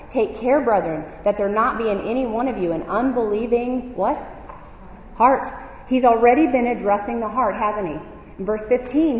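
A woman's voice: on the high side, darkish tone, slight background noise. A woman teaching the Bible to a group of women, often asking the audience questions and waiting for their answers. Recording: echoey hall, dull lo-fi sound.

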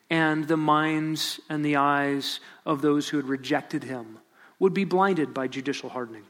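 A man preaching a sermon, reading scripture aloud and acting out sarcastic quotes with animated emphasis. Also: a little high. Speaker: pastor.

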